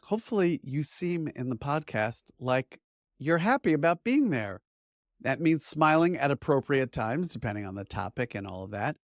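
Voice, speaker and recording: Middle-aged male media trainer, upbeat coaching delivery, mid-pitched voice, dry close sound. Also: very animated, moderate pace, no echo. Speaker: media trainer and course instructor. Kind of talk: instructional talk to camera.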